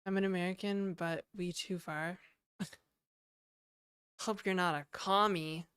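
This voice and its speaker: Smooth low-voiced woman chatting on stream. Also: steady tone, a little slow, fairly bright tone, dry recording, studio quality. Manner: chatty, reads chat aloud and laughs. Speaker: livestreamer. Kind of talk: casual livestream chat. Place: home in Toronto.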